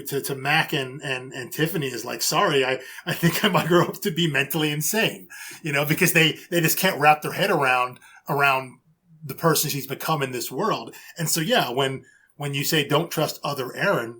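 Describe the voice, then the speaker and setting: A man co-hosting a casual podcast, his voice bright and a little higher than most men's. He talks haltingly and circles back often, stacking up repeated words and fillers as he works through his points. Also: breathy edge. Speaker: podcast co-host.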